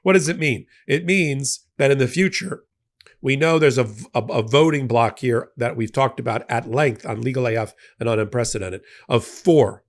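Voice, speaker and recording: A man's voice: mid-range voice, moderate pace. Man, middle-aged, legal commentary, mid-range voice, explanatory, fillers and restarts. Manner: explanatory, breaks down court rulings with fillers and restarts.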